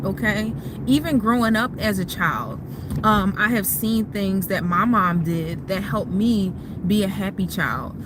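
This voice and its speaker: A woman speaks casually into her phone from a parked car, chatting with her live viewers about motherhood. Her talk is warm and openly emotional. Traffic noise and street ambience are clearly heard around her. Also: medium pitch. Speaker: mom livestreaming advice to viewers.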